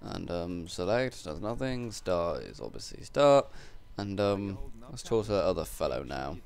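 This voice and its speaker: A man's voice: low-pitched, sing-song, a little slow, vocal fry, a little mellow, clean tone. A young man casually commentating a video game, joking and rambling with crude asides. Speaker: gameplay commentator. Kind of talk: casual let's-play commentary.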